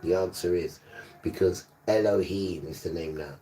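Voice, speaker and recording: A man's voice: low voice, normal speed, mellow, recorded from a distance, faint music behind. A man preaching on a livestream, emphatic and repetitive, sometimes scolding his listeners. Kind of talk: livestreamed sermon.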